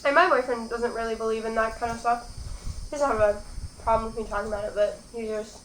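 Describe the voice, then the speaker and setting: A woman's voice: fairly high pitch, flat delivery, fast, reverberant, a little hiss or hum, low-quality recording. A young woman hosting a mukbang at home, chatting casually and rambling between bites. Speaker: mukbang host. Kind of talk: casual chat while eating.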